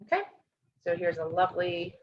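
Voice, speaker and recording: A woman's voice: fairly low pitch, monotone, brisk, a little hiss or hum. A woman teaching a choir lesson over a video call, explaining a score step by step and often checking in with "okay?". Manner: encouraging, instructive, checks in with "okay?". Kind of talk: online music lesson. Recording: dull lo-fi video call audio.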